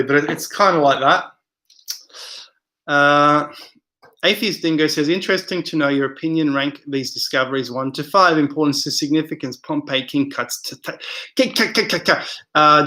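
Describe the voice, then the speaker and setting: A man's voice: fairly high pitch, moderate pace, sharp tone. A man hosting a casual live stream, reading viewer comments aloud and rambling with many hesitations.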